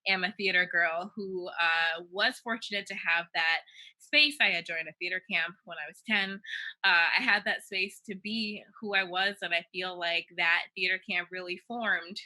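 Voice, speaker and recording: A woman's voice: fairly low pitch, sharp tone, rough recording. A woman co-hosting a podcast, speaking upbeat and giggly in casual chat. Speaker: podcast co-host.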